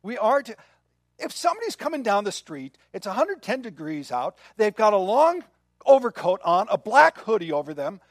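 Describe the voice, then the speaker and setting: A man's voice: high-pitched, sing-song, moderate pace, no room sound, clean studio sound. An older man preaching a sermon in a conversational way, often checking in with the listeners. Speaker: pastor.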